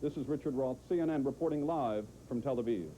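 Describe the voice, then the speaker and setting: Very dark-voiced male correspondent. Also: medium pitch, fast, slight background noise, low-quality recording. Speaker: news correspondent. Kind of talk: live news report.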